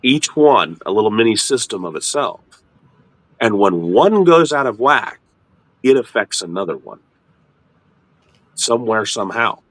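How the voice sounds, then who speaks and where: A middle-aged man hosts a relaxed faith chat, sitting low in his voice but swinging it up and down with lots of expression. He restarts his words often as he talks, and the recording is dry and close. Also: measured pace, long pauses, no room sound. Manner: animated, repeats and restarts words, jumps into high mock voices. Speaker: ministry host. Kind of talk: casual teaching chat.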